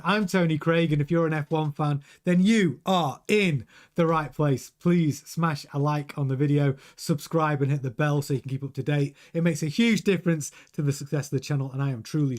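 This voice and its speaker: Opinionated male motorsport news host. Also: fairly high pitch. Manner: frank, opinionated, addresses the chat directly. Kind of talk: chatty motorsport news commentary.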